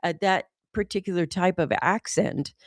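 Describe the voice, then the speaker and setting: An American woman talking casually as a host, animated and often saying "like". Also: on the low side, moderate pace, no room sound, studio quality. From United States. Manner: animated, says "like" often, mimics accents. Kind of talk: casual conversation.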